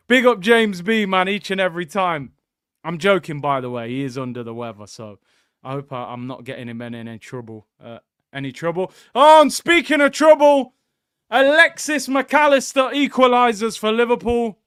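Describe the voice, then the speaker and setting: A young man hosting a live football watchalong, reacting excitably and joking with viewers. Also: high voice, smooth, no echo, clean studio sound. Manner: excitable, jokey banter with viewers. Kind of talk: live match watchalong commentary.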